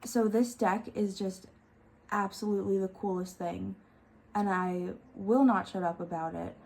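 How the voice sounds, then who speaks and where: A woman's voice: medium pitch, fairly even intonation, a little slow, vocal fry, darkish tone, low-quality recording. A young woman chatting casually and enthusiastically as a tarot vlogger, gushing about things she loves. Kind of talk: casual chat.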